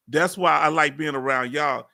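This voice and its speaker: On his easygoing live stream, a fifty-something Texan veteran with a Southern accent reads viewer comments aloud, laughing often and drawling through chatty tangents. His voice is a little high, creaky, pushed and bright, at a moderate pace.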